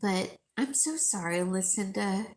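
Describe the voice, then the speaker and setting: A woman live-streaming to her viewers, crying and talking haltingly with a sore throat, often repeating herself. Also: medium pitch. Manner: tearful, halting, repeats words.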